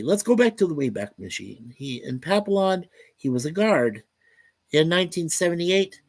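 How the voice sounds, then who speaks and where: A man's voice: a little high, dry recording. A man hosting a casual livestream, chatting upbeat and reading out viewers' chat messages. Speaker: livestream host.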